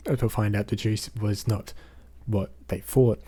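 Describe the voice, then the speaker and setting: Aussie guy rambling through a movie recap, low flat husky voice, lots of um and basically. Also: a little slow. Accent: Australian. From Australia. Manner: rambling, leans on fillers like "basically" and "um". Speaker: movie reviewer. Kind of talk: casual spoken movie recap.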